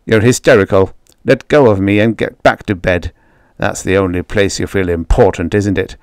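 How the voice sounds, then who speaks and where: A man's voice: deep voice, fairly even intonation, moderate pace, no echo, studio quality. A man reading an audiobook, voicing a curt, dismissive husband who speaks in a clipped, condescending way. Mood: scornful.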